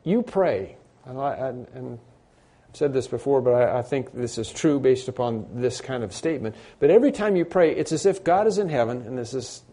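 A man delivers a sermon in a mellow, darker-toned voice of middle pitch. He speaks freely rather than from a script, restarting phrases as he goes. On key points his voice climbs and gets louder. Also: expressive, normal speed. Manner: unscripted preaching with restarts, rising and louder on emphatic points. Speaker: pastor.

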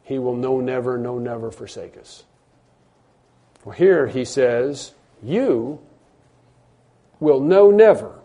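Emphatic male preacher, mellow voice. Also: medium pitch, slow pace, long pauses, dull audio. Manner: emphatic, repeats phrases, swings between loud stresses and quiet drops. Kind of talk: sermon.

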